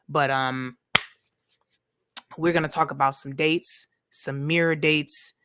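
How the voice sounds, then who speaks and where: A woman's voice: low voice, fairly bright tone, dry recording, studio quality. A woman hosting a casual livestream, chatting loosely, reading the chat aloud and leaning on "you know". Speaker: livestream host.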